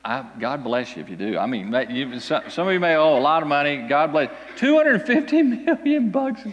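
A man preaching a sermon to a congregation, telling a scripture story with animated, dramatic delivery and big swings in pitch. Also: fast talker, in a large hall, dull audio. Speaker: pastor. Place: church hall with an audience.

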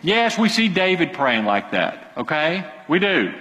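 A man's voice: on the high side, big pitch swings, unhurried, bright, forceful tone. Man preaching in a long-reverb hall. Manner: conversational, quizzes the congregation, repeats phrases. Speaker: pastor. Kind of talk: sermon.

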